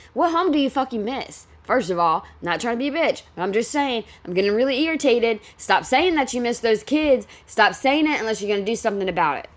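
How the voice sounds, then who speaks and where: A woman's voice: a little high, lively intonation, a little fast, hardly any pauses. A woman hosting a reaction video, ranting bluntly and with heavy profanity about a clip from a reality show.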